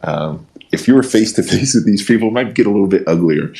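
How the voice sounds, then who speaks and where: A man with a very deep voice joins a casual online voice chat. He speaks haltingly, restarting and repeating his words before he gets his point out. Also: lively intonation, creaky, dark tone. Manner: hesitant, repeats words, laughs along.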